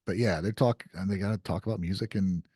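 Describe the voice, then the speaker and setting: A man with a low, slightly husky voice chats easily as a podcast co-host. He sometimes reads news items aloud in an unhurried tone. The sound is close and dry. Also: mellow, no echo. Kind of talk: casual chat.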